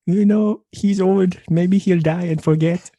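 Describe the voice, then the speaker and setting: A man's voice: high-pitched, steady tone, a little slow, dark tone, no room sound, pitched above the performer's own voice. A man voicing a dramatic young woman crazy in love, with a put-on French-style accent, doing a comedic impression. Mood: lovestruck. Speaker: podcast co-host.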